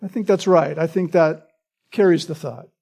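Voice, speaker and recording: A man's voice: fairly high pitch, normal speed, gravelly, dark tone, husky. A man preaching a sermon in an earnest, emphatic way, often checking in with "right?". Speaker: pastor.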